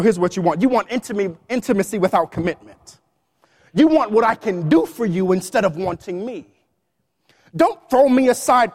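High-voiced preacher man in echoing hall. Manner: animated preaching with playful asides and sung snippets. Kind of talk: sermon.

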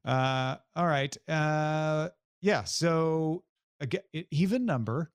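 A man's voice: fairly high pitch, slow pace, smooth, no echo, studio quality. A man hosting a casual talk about a TV series, reflective, often restarting his sentences. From United States. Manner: thoughtful, hesitant restarts. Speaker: podcast host.

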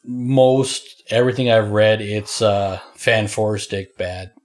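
A man with a lowish voice in a casual podcast chat. He talks haltingly, restarting sentences and filling gaps with "uh.". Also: soft background music. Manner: hesitant, many fillers. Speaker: podcast co-host.

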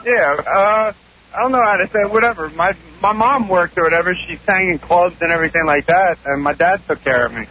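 A man's voice: high voice, brisk, husky. A male caller talking in a hesitant, mumbling way. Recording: lo-fi phone call with faint noise.

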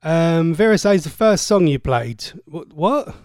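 Cheeky, chatty radio presenter. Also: male voice, fairly high pitch, lively intonation, unhurried, darkish tone, dry recording, studio quality. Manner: chatty, cheeky and rambling, with frequent stammered restarts. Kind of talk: casual radio chat reading listener messages. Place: radio studio.

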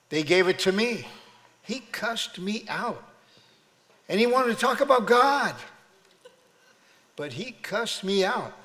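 A man's voice: high voice, fairly bright tone. A man preaching a sermon as pastor, exhorting his church in a preacherly call-and-response manner. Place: church sanctuary. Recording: long reverb of a church hall.

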